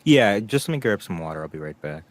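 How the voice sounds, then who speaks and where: A man's voice: on the low side, very animated, quick pace, dry recording. Teasing male tabletop player. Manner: teasing, laughs often. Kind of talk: casual chat at a game table.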